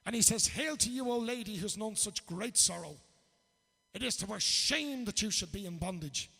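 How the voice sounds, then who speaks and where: A man's voice: high voice, lively intonation, normal speed, vocal fry, pushed and bright, breathy edge, big-room sound. A man introducing a song in a casual, chatty storytelling way, calling his listeners "lads". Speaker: singer and guest performer.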